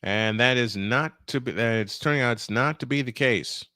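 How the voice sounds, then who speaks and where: A man's voice: mid-range voice, normal speed, pushed and bright, dry recording, clean studio sound. A male play-by-play announcer calling a basketball game in a chatty style, full of rambling, self-deprecating asides.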